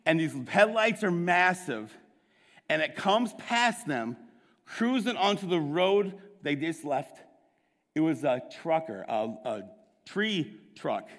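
A man preaching a sermon, telling a story with quick bursts and dramatic hushes. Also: fairly high pitch, big pitch swings, in a large hall. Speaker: pastor.

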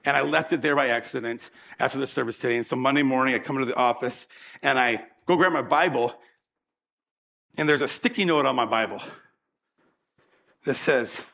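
A man preaching a sermon as pastor, an animated storyteller who acts out the voices in his stories and draws the audience in. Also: medium pitch, brisk, gravelly, pauses often.

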